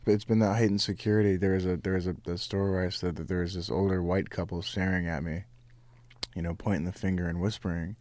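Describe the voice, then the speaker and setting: A young man with a very deep voice talks through his stand-up material as an interview guest. He is animated and laughs easily between lines. The sound is close and dry, with no room around it. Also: dry recording. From United States. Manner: animated, quick to laugh, restarts. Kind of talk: casual interview, telling jokes from his act.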